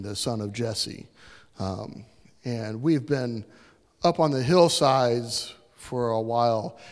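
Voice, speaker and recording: A man's voice: medium pitch, in a large hall. A man voicing a humble, polite servant who speaks hesitantly and casually.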